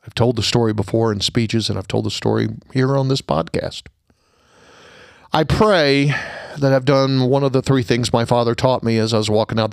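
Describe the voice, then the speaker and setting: A middle-aged man hosting a podcast, telling a personal story earnestly and going quiet at the sad parts before a holiday message. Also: mid-range voice, gravelly, dry recording, clean studio sound. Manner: earnest storyteller, drops to a hushed tone at sad moments. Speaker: podcast host.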